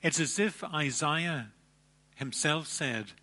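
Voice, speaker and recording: A man preaching a sermon, emphatic, with dramatic pauses and repeated phrases. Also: a little high, animated, sharp tone. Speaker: pastor.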